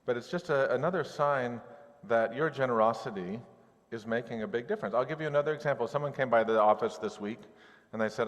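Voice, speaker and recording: A man's voice: mid-range voice, fast talker, big-room sound. A male pastor preaching a sermon in a conversational way, with humorous asides.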